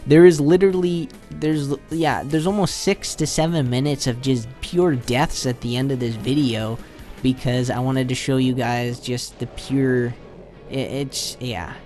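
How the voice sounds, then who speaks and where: A man's voice: medium pitch, steady tone, measured pace, a little mellow, faint music behind. A man doing a casual, rambling voice-over commentary on his own gameplay, often retelling his reactions. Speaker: channel host.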